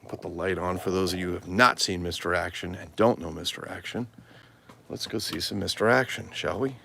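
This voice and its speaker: A man's voice: low voice, fairly even intonation, brisk, gravelly, bright, forceful tone, slight background noise. A man hosting a live collectibles show, chatting in a rambling, enthusiastic show-and-tell way.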